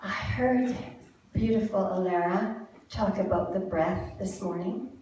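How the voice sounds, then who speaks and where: Slow-spoken woman in a very echoey church hall. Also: mid-range voice, a little hiss or hum. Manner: gentle, encouraging, unhurried instructions. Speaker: musician leading a song at a church service. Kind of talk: guiding a congregation through breathing and a singalong. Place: church sanctuary with live audience. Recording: very echoey room, mic far off, music behind.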